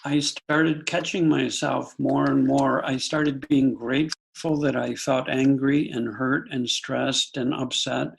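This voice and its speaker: An older man from the United States, a psychologist and podcast guest, telling a personal story in a calm, earnest way with frequent self-corrections. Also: mid-range voice, slow pace, gravelly, hardly any pauses, breathy edge, poor audio. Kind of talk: reflective storytelling in an interview.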